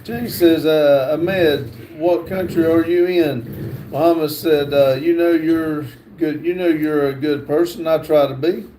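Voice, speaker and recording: A man hosting a livestream, reading chat comments aloud in a halting way with fillers and restarts. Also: a little high, steady tone, warm tone, slight background noise. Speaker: livestream host.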